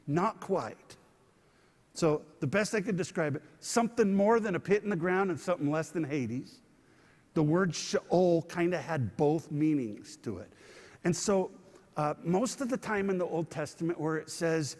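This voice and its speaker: A man's voice: on the high side, animated, moderate pace, darkish tone, in a large hall. A man teaching a sermon in a conversational way, often asking his listeners questions. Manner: conversational, asks the audience questions.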